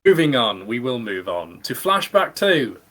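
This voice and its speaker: A man's voice: medium pitch, big pitch swings, unhurried, a bit bright, low-quality recording. A man in his thirties from the UK, hosting a casual gaming podcast with friends, chatty and rambling, laughing often. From United Kingdom. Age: 30s. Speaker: podcast host. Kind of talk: casual chat among friends.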